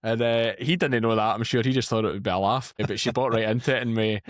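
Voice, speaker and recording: A Scottish man in his thirties, a podcast guest telling lively anecdotes in casual chat. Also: lowish voice, quick pace, dry recording, studio quality. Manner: chatty, animated anecdotes. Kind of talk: casual storytelling.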